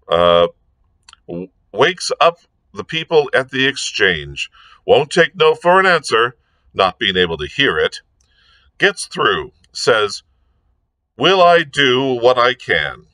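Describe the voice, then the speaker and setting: A man reading aloud and voicing a jaunty, excitable aristocratic gentleman detective, full of exclamatory upper-class banter. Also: medium pitch, no room sound, exaggerated voice, poor audio. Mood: gleeful. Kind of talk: read-aloud novel dialogue.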